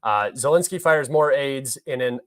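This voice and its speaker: A man's voice: mid-range voice, animated, moderate pace. A young man hosting a livestream, talking through news articles in an offhand, rambling, opinionated way. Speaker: livestream host. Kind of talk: casual livestream news commentary.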